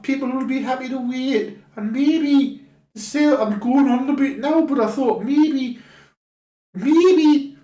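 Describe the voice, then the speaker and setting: A woman's voice: on the high side, darkish tone, roomy sound. A woman telling a rambling comic monologue in a chatty, colloquial way. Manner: chatty, rambling, laughs often. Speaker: comedy sketch performer.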